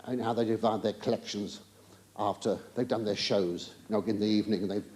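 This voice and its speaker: A man's voice: on the low side, fairly even intonation, a little fast, a little mellow. A man doing live stand-up in a theatre, stammering through flustered asides and mock-indignant denials while he teases the audience. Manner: chatty, teasing the audience. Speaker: stand-up comedian. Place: large theatre stage before a live audience. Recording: live theatre recording with audience laughter and hiss.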